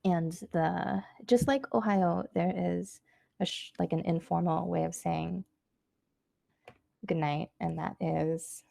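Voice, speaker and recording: Clean studio sound with no echo carries a woman's lowish, mellow voice as she runs a laid-back online Japanese lesson. She chats freely, uses lots of fillers, and delivers practice phrases slowly and clearly.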